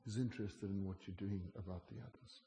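A man preaching a sermon, moving between quiet, intimate asides and loud, emphatic lines. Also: low-pitched, steady tone, fast talker, echoey room.

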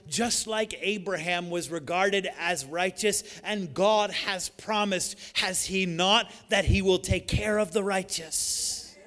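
A man preaching a sermon, emphatic and building to shouts on key lines. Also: sits high. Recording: long hall reverb.

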